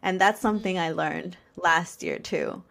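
A woman's voice: fairly low pitch, measured pace, vocal fry. A young woman in a casual podcast chat, talking candidly and expressively about herself. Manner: candid and expressive, acting out her own reactions.

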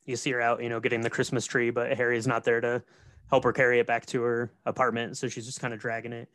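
A man chatting casually, relaxed and quiet, taking his turn to recap a film. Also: mid-range voice, quick pace, no room sound. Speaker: podcast co-host. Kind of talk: casual chat.

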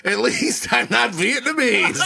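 A man's voice: very high-pitched, gravelly, very noisy. A man co-hosting a casual comedy chat, joking and rambling with restarts. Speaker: co-host.

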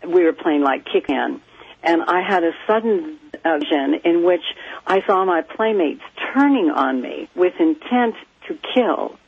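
A woman from California, a psychic guest, telling a childhood story in a lively, animated way over the phone. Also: low voice, vocal fry, slightly rough, no room sound. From California, USA. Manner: animated, lively storyteller who acts out quoted voices. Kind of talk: storytelling in a phone-in radio interview. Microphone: telephone. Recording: muffled phone line.

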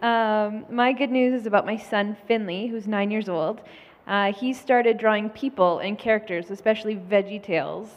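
A woman's voice: medium pitch, fairly even intonation, normal speed. A woman from Canada in the audience, sharing cheerful, proud news about her son. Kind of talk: live podcast on stage. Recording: dull hall sound with faint noise.

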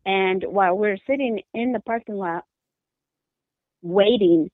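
A mother giving an emotional interview, halting and repeating her words in distress. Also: mid-range voice, no room sound. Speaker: mother of a missing daughter, interviewee. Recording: tinny phone line.

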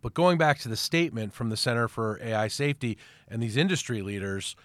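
A man hosting a podcast interview, putting direct, measured questions to his guest. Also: mid-range voice, no echo, clean studio sound. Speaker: podcast host.

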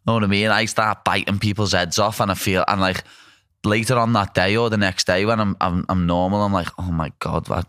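A man's voice: fairly low pitch, steady tone, brisk, a bit bright, smooth, no echo, studio quality. A young man, a pro fighter, chatting bluntly and casually about cutting weight. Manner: rambling, blunt, laughing. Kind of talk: casual chat.

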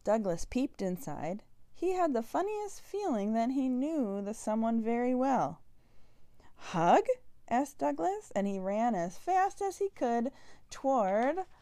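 Slow, lilting woman reading a storybook. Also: on the high side. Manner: slow, expressive, sing-song reading. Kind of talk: reading a children's picture book aloud.

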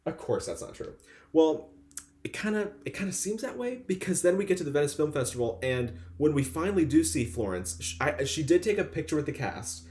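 Animated young man gossiping, lively voice. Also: fairly high pitch, fairly quick, roomy sound. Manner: animated gossiping, acts out quotes. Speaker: podcast co-host. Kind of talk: casual chat.

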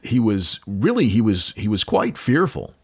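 A low-voiced American man tells a grim story in a loose, conversational podcast manner. His pitch rises and falls a lot as he talks, and he drops in dry asides. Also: sing-song, normal speed, a little mellow, breathy edge. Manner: wry, offhand, with dry jokes. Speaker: podcast host telling a true crime story. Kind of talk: casual storytelling chat.

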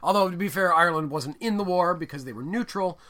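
A man co-hosts a casual movie podcast, retelling scenes at a quick clip. His voice is bright and slightly high, and he rambles animatedly through the plot. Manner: rambling, animated storytelling with acted-out quotes. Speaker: podcast co-host. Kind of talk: casual movie review chat.

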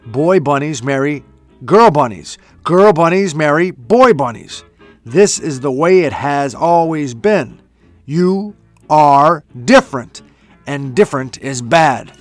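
A pompous stink bug barks his rules in a loud, self-important storybook voice, as a man puts him on. He sounds pitched a little high, with faint music underneath. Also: expressive, slow. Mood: bossy. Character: pompous bossy male stink bug leader.

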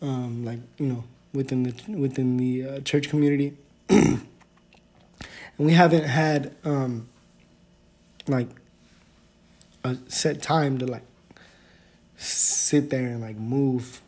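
A man's voice: mid-range voice, steady tone, slow, long pauses, a little mellow. A man hosting his own podcast, chatting casually and rambling with lots of fillers and self-corrections. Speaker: podcast host. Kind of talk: casual solo podcast chat.

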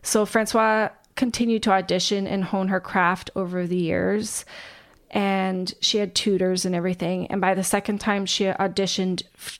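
A woman, co-hosting a podcast and retelling a life story in a relaxed, casual way with fillers. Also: mid-range voice. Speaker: podcast co-host.

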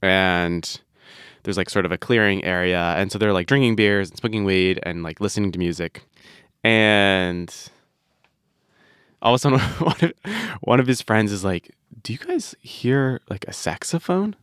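A man hosting a podcast, retelling a story in a relaxed, chatty way and often laughing. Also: sits low, moderate pace, clean tone, no echo, studio quality. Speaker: podcast host. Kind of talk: casual storytelling chat.

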